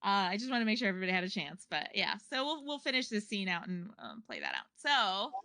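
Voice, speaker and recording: A woman's voice: mid-range voice, huge pitch swings, fast, bright, forceful tone, dry recording. A woman narrating as game master of a tabletop game, meandering with many fillers and restarts.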